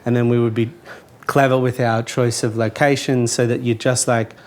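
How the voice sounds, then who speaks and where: Earnest Australian man, mid-pitched voice. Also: flat delivery, normal speed. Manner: earnest, thoughtful explaining. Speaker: comedian. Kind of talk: casual chat.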